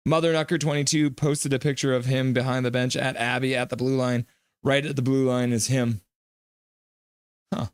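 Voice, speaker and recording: A man hosting a live hockey reaction stream, calling plays and reading out chat messages with excitement. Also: medium pitch, normal speed, clean tone, dry recording, clean studio sound. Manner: excitable, chatty, reads chat aloud.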